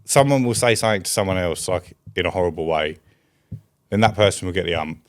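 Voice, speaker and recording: A man's voice: low-pitched, fast talker. A man, a podcast co-host trading dry jokes in casual chat. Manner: dry, joking banter.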